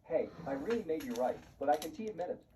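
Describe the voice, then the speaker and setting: A man reading the lines of a timid father-in-law who gloats in secret, in a flat, even voice. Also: on the high side, fast. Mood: sly. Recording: muffled, distant, faint hiss.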